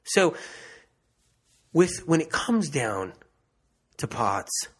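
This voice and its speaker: A man's voice: on the high side, big pitch swings, drawn-out words, a bit bright, slightly rough. A man giving an emphatic health monologue, repeating phrases for emphasis and restarting often. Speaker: health speaker. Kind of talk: impassioned monologue.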